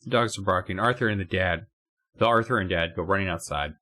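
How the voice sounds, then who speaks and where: A man's voice: low voice, quick pace, pushed and bright. A man co-hosting a podcast in casual chat, joking wryly with plenty of swearing. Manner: wry, profane joking. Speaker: podcast co-host.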